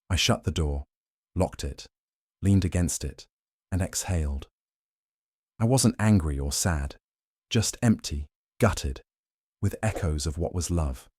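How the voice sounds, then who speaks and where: A man narrating a first-person drama story in a cold, measured way. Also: sits low, a little mellow, husky, dry recording, studio quality.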